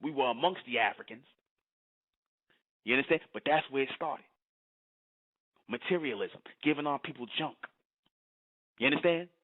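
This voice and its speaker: A man's voice: mid-range voice, moderate pace, pauses often. Preachy man on a tinny line. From United States. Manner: lecturing, keeps asking "you understand?". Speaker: commentator. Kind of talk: preachy monologue. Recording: tinny phone-like sound.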